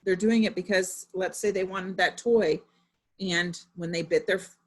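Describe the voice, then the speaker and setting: Husky-voiced mother presenting a parenting talk. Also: fairly low pitch, steady tone, normal speed. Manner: conversational, with frequent fillers and personal anecdotes.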